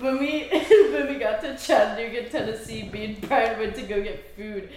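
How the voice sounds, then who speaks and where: A woman's voice: a little high, moderate pace, a little mellow, reverberant, slight background noise. A woman in casual podcast chat, reading items off a list and giggling between them. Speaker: tour crew member.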